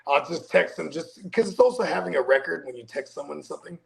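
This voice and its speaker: A man's voice: on the high side, fast, creaky. A man chatting casually as a guest on a live stream, joking and laughing often. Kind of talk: casual chat.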